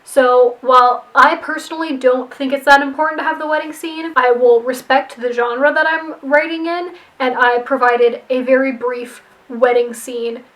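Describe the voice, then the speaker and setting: A chatty woman with a high voice walks through a movie plot she rewrote, tossing in wry, playful asides. She talks casually, like she is telling a friend about it. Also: fairly even intonation, normal speed, few pauses, fairly bright tone, poor audio. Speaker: screenwriter rewriting a movie plot. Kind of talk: casual storytelling recap.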